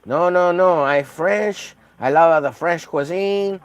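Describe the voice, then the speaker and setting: A man's voice: on the high side, slow, voice pushed up. Snooty faux-French food snob, raised and haughty , put on by a man. Dismissive, sniffy delivery.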